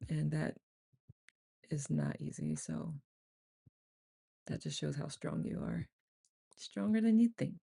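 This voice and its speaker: A woman's voice: deep voice, slow, vocal fry, pauses often, mellow, husky. A woman leading a casual live online group session, chatty and rambling, laughing often as she talks to her group on camera. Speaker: meditation group leader. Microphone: on camera, computer mic.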